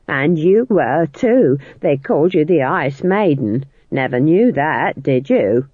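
Brief: bawdy old village witch, voiced by the narrator, snappish and shrill, lively pitch, tinny audio. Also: takes it slowly, no room sound, heavily acted. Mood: sneering. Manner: sharp, snapping and shrieking in the quarrel. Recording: tinny phone-like audio, dry.

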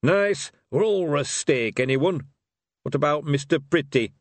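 A man voicing a wistful old male barbarian warrior who muses in a rough, plain way. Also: a little high, animated, slow pace, no echo, pitched above the performer's own voice. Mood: musing. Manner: musing and rough-mannered.

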